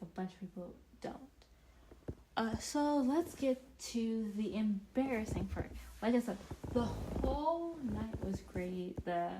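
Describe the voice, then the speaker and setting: A woman's voice: mid-range voice, a little hiss or hum, rough recording. Rambling young woman telling a story. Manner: rambling, restarts often, animated bursts. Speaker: vlogger. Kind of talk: casual storytime vlog.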